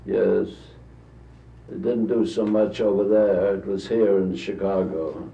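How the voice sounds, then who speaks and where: An interviewee in his 80s from the United States rambles through old anecdotes for an archival recording, his very low, creaky, mellow voice staying level as he trails off and starts sentences over. He's off-mic and distant, heard on dull old tape with echo and faint hiss.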